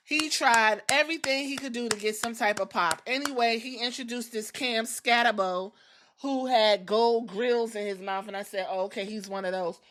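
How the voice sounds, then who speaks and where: A woman's voice: fairly high pitch, normal speed, noisy background. A woman hosting a podcast, giving a casual, profane and sassy recap with blunt asides. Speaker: podcast host. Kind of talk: casual wrestling show recap.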